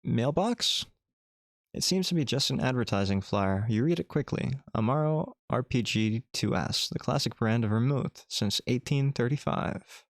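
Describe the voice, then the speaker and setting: A man's voice: medium pitch, moderate pace, hardly any pauses, no room sound, studio quality. A man streamer reading a text adventure game aloud, with playful joking asides.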